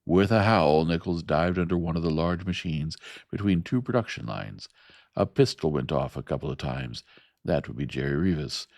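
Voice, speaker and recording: A man reading a science fiction novel aloud in a slow, even, soft-spoken narration. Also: rumbling low, no room sound, studio quality. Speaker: audiobook narrator.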